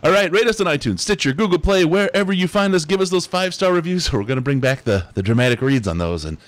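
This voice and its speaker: A man hosting a live sports podcast, running through announcements in an upbeat, animated way. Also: fairly high pitch, quick pace, no echo. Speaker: podcast host.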